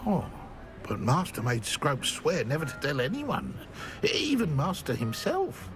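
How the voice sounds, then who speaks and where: Nervous fawning house elf, squeaky and all over the place, game music clear behind. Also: male voice, wildly swooping pitch, unhurried, exaggerated voice. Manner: cringing, eager to please. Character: timid, fawning male house elf servant.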